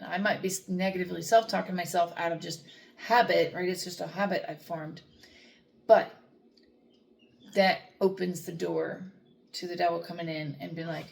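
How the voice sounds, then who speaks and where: A woman's voice: on the low side, gravelly, a little mellow, slight background noise. A woman who works as a dog trainer, talking earnestly about faith and self-talk in a rambling way, with many fillers and restarts. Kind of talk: reflective faith talk to camera.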